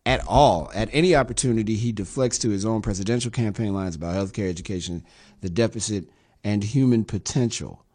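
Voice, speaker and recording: A man's voice: fairly low pitch, fairly quick, a little mellow. Sarcastic male radio commentary host. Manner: sarcastic, wry asides between read-out quotes.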